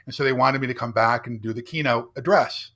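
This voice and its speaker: A man's voice: medium pitch, fairly quick, fairly bright tone. A middle-aged man, a business founder and keynote speaker, telling a candid personal story in a podcast interview, checking in often with a rhetorical "right?". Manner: earnest, builds up with rhetorical "right?".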